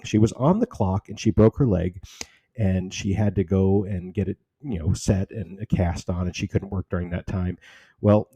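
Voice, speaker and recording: A man tells a heartfelt personal story in a relaxed, conversational way. His voice is dark and husky with a gravelly edge, and it sounds dry and close. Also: low voice, no room sound. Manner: earnest, conversational, emotional. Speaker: charity founder telling its story.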